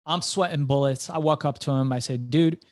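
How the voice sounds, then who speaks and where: A middle-aged man, an entrepreneur guest, telling his story in an animated interview and repeating words as he goes. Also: fairly high pitch, fairly quick, no echo.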